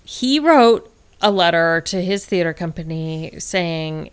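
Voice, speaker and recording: A woman's voice: fairly low pitch, lively intonation, slow, smooth. A woman co-hosting a podcast in casual chat, hesitant and full of restarts. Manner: hesitant, restarts and trailing asides. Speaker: podcast co-host.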